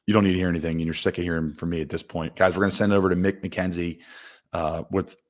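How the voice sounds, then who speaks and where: A Philadelphia man hosts a podcast with a very low voice. He talks in a chummy, easygoing way, leaning on "guys" and "man" as he introduces the show. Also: flat delivery, quick pace. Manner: chummy, addresses listeners as guys. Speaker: podcast host. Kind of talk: casual podcast hosting.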